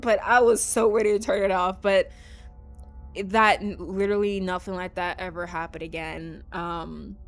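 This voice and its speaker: A woman hosting a let's play, telling a story in a chatty, casual way with lots of "like" and "um". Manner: chatty storytelling, lively jumps in pitch, frequent "like" and "um". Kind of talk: casual gaming commentary.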